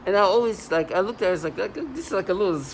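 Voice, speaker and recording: A man talking in a rambling vlog monologue, halting and restarting, with sudden loud agitated outbursts. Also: high voice, animated, slight background noise, poor audio. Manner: halting, many restarts and fillers. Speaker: vlogger.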